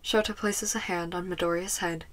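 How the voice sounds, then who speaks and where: A woman narrates a fan fiction audiobook with a soft, even delivery. Her voice sits a little low for a woman. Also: moderate pace. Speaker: podfic reader. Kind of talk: scripted narration.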